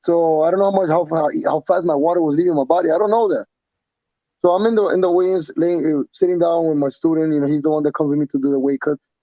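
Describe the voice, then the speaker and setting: A man, a professional fighter being interviewed, talking casually in an animated, profane way with many restarts and repeats. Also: a little high, fast talker, no echo, muffled recording. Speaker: pro fighter guest.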